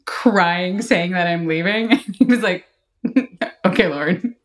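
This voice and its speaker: A middle-aged woman guest on a casual podcast interview, telling lively stories and acting out quotes. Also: lowish voice, slow pace. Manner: animated storyteller, laughs often, acts out quotes. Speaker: marketing executive guest.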